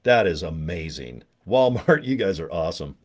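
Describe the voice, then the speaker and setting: A man's voice: low voice, big pitch swings, normal speed, breathy edge. A man hosting a casual live stream, rambling and joking with viewers in the chat and poking fun at himself. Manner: joking, rambling, self-mocking; talks to viewers in the chat by name. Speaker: livestream host promoting products.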